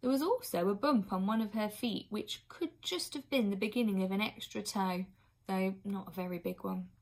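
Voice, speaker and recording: A woman reading a children's book aloud expressively, now and then pausing for an aside to her listeners. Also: medium pitch, a little mellow. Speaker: reader.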